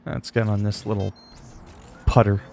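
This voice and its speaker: A man's voice: lowish voice, level tone, moderate pace, creaky, mellow, faint music behind. A man chatting casually while livestreaming a game, answering chat questions in a laid-back, swearing way.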